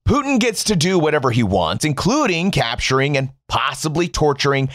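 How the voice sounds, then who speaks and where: A man's voice: on the high side, big pitch swings, normal speed, fairly bright tone, no room sound, studio quality. A man from the United States delivering a sarcastic, profane opinion monologue as a political commentator.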